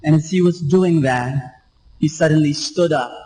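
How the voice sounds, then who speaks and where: A man's voice: on the high side, measured pace, dark tone, low-quality recording. A man preaching a sermon, emphatic and repetitive, asking the congregation rhetorical questions. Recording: radio live stream.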